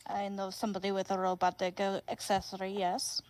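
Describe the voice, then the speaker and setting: A woman's voice: mid-range voice, monotone, fairly quick, a little mellow, no echo. A woman playing in a tabletop game, chatting casually and describing her character. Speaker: player.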